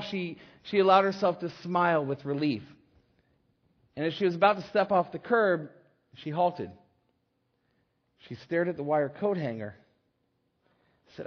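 A man preaching a sermon, telling a story in an animated way with frequent restarts. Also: high-pitched. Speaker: pastor. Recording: slightly dull lo-fi recording.

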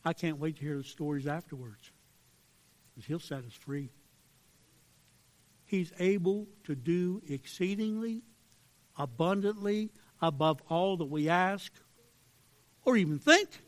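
A man preaching a fervent sermon, swinging between hushed pleading and loud emphasis. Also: fairly high pitch, measured pace, pauses often. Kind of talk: sermon with altar call.

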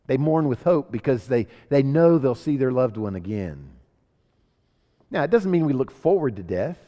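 A man's voice: medium pitch, animated, moderate pace, warm tone, lo-fi sound. A man preaching a sermon as pastor, asking rhetorical questions and building emphasis. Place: church sanctuary. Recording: long hall reverb.

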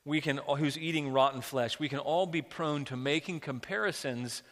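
A man's voice: mid-range voice, sharp tone, long reverb tail. A man preaching a sermon as pastor, earnest and vivid as he tells a story and prays.

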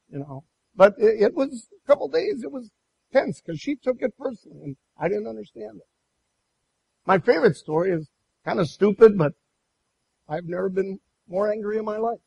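A man preaching a sermon and telling a personal story in an animated way, with many restarts. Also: high voice, moderate pace, vocal fry, slightly rough, low-quality recording. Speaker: pastor.

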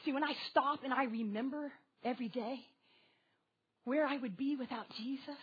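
A woman preaching a sermon to a congregation with children, animated and asking her listeners questions directly. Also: high voice, normal speed, breathy edge, lo-fi sound.

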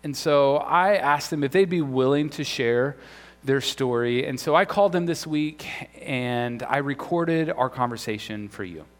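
A man preaching a sermon as pastor, earnest, his voice swinging between loud and hushed. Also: mid-range voice, unhurried. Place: church hall. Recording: long reverb of a church hall.

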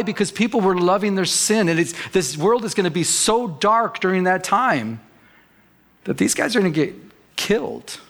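A man's voice: a little high, a bit bright. A middle-aged male pastor preaching a sermon in an earnest, conversational way, telling personal stories.

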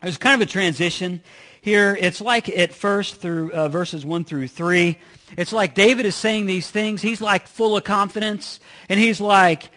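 A man's voice: high-pitched, unhurried, a bit bright. A man preaching a sermon in a conversational way, telling a personal story with joking asides. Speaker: pastor.

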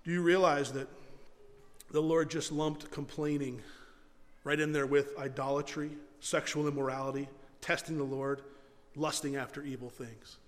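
High-voiced preacher in a reverberant hall. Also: male voice. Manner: animated storytelling with rapid repetitions and self-mocking asides; drops to a low, quiet voice for solemn points. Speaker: pastor. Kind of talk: sermon.

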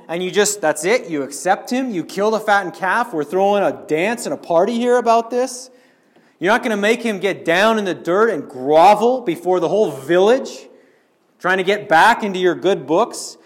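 A preacher putting on an indignant older brother. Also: male voice, high voice, voice pushed up, natural voice. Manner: indignant, protesting, raised voice. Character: resentful indignant older brother, young man.

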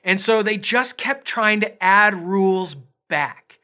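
A man preaching in a relaxed, conversational way, with a bright, clear tone. He slips easily into personal stories and pokes fun at himself between points. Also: sits high, slow pace. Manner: chatty and self-deprecating, with storytelling asides. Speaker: pastor. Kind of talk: casual conversational sermon.

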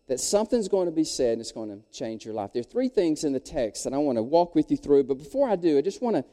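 Pastor guy preaching in a big church, mellow voice, echoey room. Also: a little high, fast talker. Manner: animated storyteller, audience call-outs. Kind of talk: sermon. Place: church sanctuary, long reverb. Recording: echoey hall.

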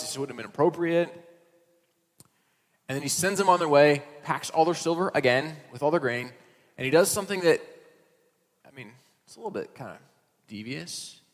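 A male pastor preaching a sermon, mid-pitched, telling the story in a loose, conversational way with casual asides. His voice carries a long reverb from a large hall.

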